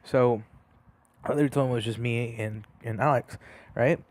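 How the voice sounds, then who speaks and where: A man's voice: medium pitch, steady tone, brisk, dry recording. A young man casually telling a story over gameplay, rambling with lots of fillers and restarts. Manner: rambling, many fillers and restarts, laughs at himself.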